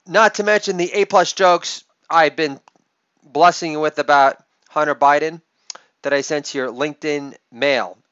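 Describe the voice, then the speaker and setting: A middle-aged man hosting a comedy podcast, rattling off sarcastic jokes with sudden loud outbursts. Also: medium pitch, clear, resonant tone, dry recording. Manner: sarcastic, rapid joke delivery with loud outbursts. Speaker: podcast host. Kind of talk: comedic monologue. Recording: dull lo-fi dry podcast audio.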